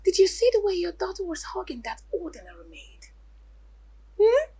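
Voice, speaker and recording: A Nigerian woman playing a jealous, dramatic girlfriend in a Nollywood film, loud and mocking. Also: very high voice, sing-song, normal speed, a little hiss or hum, exaggerated voice. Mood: suspicious. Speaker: actress.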